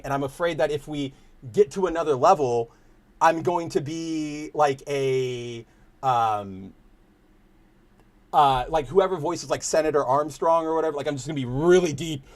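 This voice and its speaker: A man's voice: a little high, normal speed. A young man with a Californian accent, hosting a casual livestream and rambling to his chat in slangy, loose talk. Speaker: stream host.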